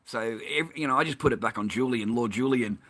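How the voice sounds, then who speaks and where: A man's voice: medium pitch, fairly quick, a bit bright. An Australian man in a rambling, heated, profane monologue, swearing constantly.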